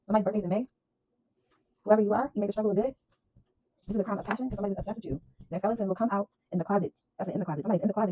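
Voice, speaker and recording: A woman reading tarot cards for her viewers in an emphatic, rapid monologue, calling them y'all. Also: mid-range voice, breathy edge. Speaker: tarot reader. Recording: tinny phone-like sound.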